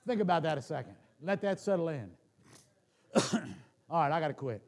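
An older man delivers a storytelling sermon in a slightly high voice. He swings from loud, punchy bursts down to quiet, almost hushed asides as he talks to the congregation. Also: big pitch swings, normal speed. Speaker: traveling preacher.

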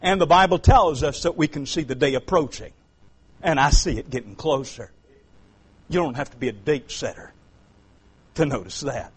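A man with a Southern US accent preaching a revival sermon, moving between quiet storytelling and loud, high-pitched preaching. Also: moderate pace, pauses often, slightly rough, low-quality recording.

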